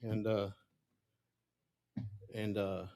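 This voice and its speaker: A man's voice: on the low side, level tone, very slow, mellow. A middle-aged man telling personal stories in a candid, rambling way, acting out the voices of people he quotes. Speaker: political candidate. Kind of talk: casual storytelling monologue.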